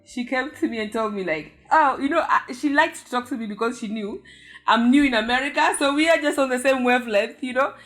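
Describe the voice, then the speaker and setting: A young woman from Africa tells a story in a lively, casual way. Her voice sits on the higher side, and she acts out the sounds herself. Faint music plays behind her. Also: fairly quick. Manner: animated, mimics sounds with her mouth. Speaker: vlogger.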